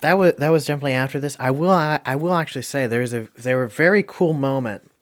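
Guy hosting a chatty podcast, animated, cussing and laughing. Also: mid-range voice, quick pace. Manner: animated, swears, laughs often. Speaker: podcast host. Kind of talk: casual podcast chat.

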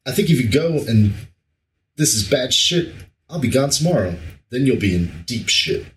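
A man's voice: mid-range voice, very animated, moderate pace, distant mic, natural voice, low-quality recording. A man voicing a tough, steely young man who speaks in blunt threats, in his own reading voice. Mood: threatening.

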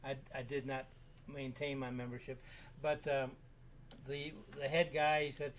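A man in his seventies, an interview guest, telling rambling caving anecdotes in a relaxed, casual way with frequent restarts. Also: mid-range voice, measured pace, a little hiss or hum. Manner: rambling, self-repeating anecdotes. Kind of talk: casual storytelling.

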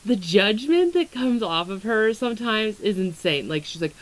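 This young astrology content creator has a sing-song, medium-pitched voice and keeps a moderate pace with few pauses, captured on a rough recording. She vlogs casually about weight and astrology, rambling candidly, swearing freely, and peppering her speech with "like" and "um."

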